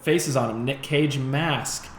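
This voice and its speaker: A man's voice: medium pitch, slow. A man co-hosting a podcast in casual chat, laid-back and swearing freely. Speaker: podcast co-host. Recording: roomy echo, faint noise.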